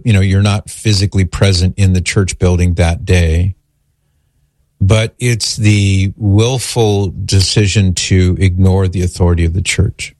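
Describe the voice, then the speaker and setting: A man's voice: low voice, dry recording, clean studio sound. A man hosting a call-in religious Q&A, answering a caller's question in an earnest, explanatory way and citing scripture.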